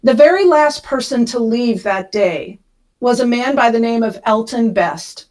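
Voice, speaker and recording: A middle-aged woman from Kansas, a podcast guest telling a personal story with emotion, rushing when she relives the panic. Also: on the high side, expressive, darkish tone, poor audio.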